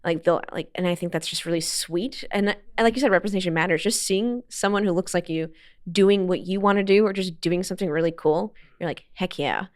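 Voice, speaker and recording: A woman's voice: fairly low pitch, fairly quick. A young woman talking casually as a podcast guest, chatty and laughing often. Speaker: guest, motorsport streamer. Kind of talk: casual interview chat.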